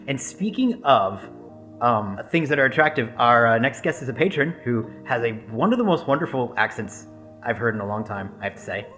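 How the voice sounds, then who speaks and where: Man, podcast co-host, casual rambling chat, middle pitch. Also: lively intonation, fairly quick, a bit bright, soft background music. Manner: rambling, filler-heavy, laughing.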